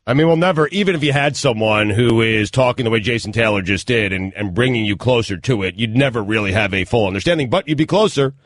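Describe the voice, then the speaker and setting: A sports radio co-host giving short, blunt replies and questions. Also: male voice, fairly low pitch, animated, fast talker, few pauses, dry recording. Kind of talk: sports talk radio discussion and read ad.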